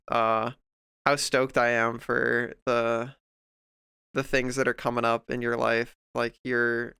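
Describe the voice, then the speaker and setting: A man's voice: mid-range voice, gravelly, bright, forceful tone, clean tone, no echo. A man streamer chatting casually while he draws, rambling and heartfelt, full of fillers and restarts, close to the mic at home. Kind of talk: casual livestream chat while drawing.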